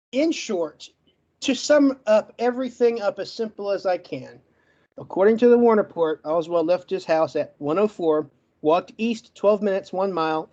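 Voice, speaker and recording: With a warm, high-sitting voice captured in lo-fi sound, this man argues his closing case in a podcast debate. He rattles through his points one by one in quick lists, though a stutter keeps catching him on words.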